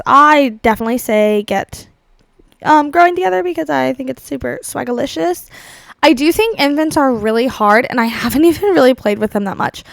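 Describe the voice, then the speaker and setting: Young woman, high voice, rambly bubbly gaming voiceover, dry close mic, quiet music behind. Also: vocal fry, dry recording. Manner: bubbly, rambling and dramatic, with lots of fillers. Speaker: Sims builder and YouTuber. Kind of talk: chatty gaming commentary over a house tour.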